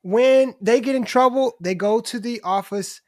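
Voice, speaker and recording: A man's voice: extremely high pitch, a little slow, darkish tone, dry recording, studio quality. A middle-aged man talking candidly as a podcast guest, restarting his sentences and swearing casually. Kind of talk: casual conversation.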